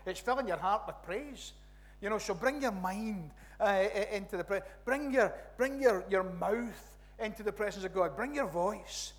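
A Scottish pastor from the West Coast delivers a chatty, animated sermon, circling back with restarts and asides. His voice is bright and pitched high for a man. The hall around him rings with a long echo. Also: normal speed. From Scotland. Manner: animated, rambling with restarts and "you know, right?" asides. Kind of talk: conversational sermon. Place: church.

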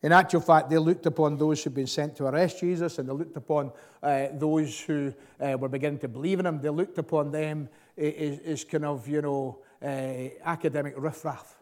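A man delivers a sermon in a slightly high voice. He preaches earnestly and emphatically, rising and falling in force, often stalling on fillers and repeated words as he presses his point. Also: fairly even intonation, moderate pace, few pauses, darkish tone. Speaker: pastor.

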